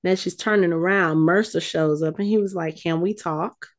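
A woman co-hosting a casual chat, retelling a scene with lively, acted-out quotes. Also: on the low side, moderate pace. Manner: animated storytelling, acts out quotes. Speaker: podcast co-host recapping a TV episode.

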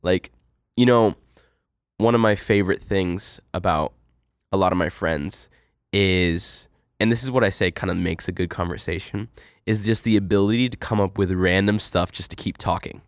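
A man co-hosting a podcast, talking in a relaxed, rambling way with many "like" fillers. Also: sits low, normal speed, no room sound, studio quality. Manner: relaxed, rambling, heavy use of "like". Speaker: co-host. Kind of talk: casual podcast chat.

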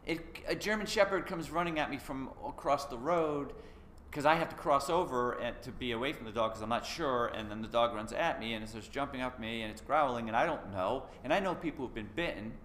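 A man's voice: medium pitch, fairly quick, fairly bright tone. A man co-hosting a podcast in casual chat, easygoing and rambling, with frequent restarts. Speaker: podcast co-host. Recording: echoey room with faint noise.

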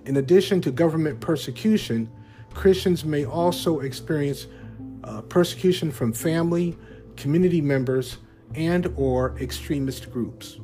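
A man hosting a Christian podcast, speaking in a measured, earnest way with occasional fillers and asides. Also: a little high, dark tone, soft background music. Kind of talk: scripted-sounding podcast talk.

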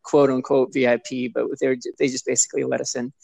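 A man's voice: mid-range voice, quick pace, creaky, no echo. A man who performs as a sports mascot, telling a story in casual chat and animatedly acting out other people's lines. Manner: animated, acts out others' voices in quotes.

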